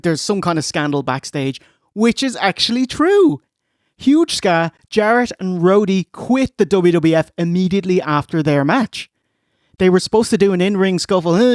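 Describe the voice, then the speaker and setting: An Irish man co-hosting a casual wrestling review podcast, animated and fond of doing impressions. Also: on the high side, no echo, clean studio sound. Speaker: podcast co-host.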